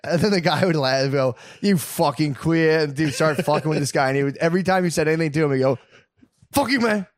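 Casual male co-host, excitable storyteller, dry close mic. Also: fairly high pitch, racing, few pauses, dry recording. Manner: excitable, laughs often, swears a lot. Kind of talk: casual chat, crude storytelling.

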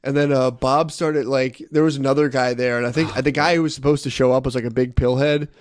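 A man's voice: medium pitch, steady tone, a little fast, no echo, studio quality. A young man telling a rambling, profane story in casual chat, laughing as he goes. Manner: rambling, profane, laughing through his stories.

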